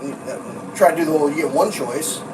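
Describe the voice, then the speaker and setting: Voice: medium pitch, brisk, recorded from a distance. A live streamer ranting in a profane, sarcastic, exasperated way during a casual live stream. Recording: clear background noise.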